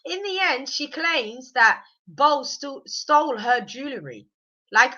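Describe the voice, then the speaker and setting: A woman nursing a slight cold chats about a reality show, offering pointed opinions and quick jabs. Her high, animated voice is bright and forceful, but the recording is muffled.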